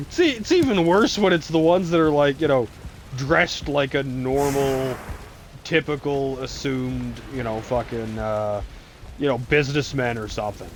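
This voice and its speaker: A man's voice: medium pitch, lively intonation, a little slow, a little hiss or hum. A man casually telling a rambling, profanity-filled story while gaming, with laughs breaking in often. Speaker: game streamer.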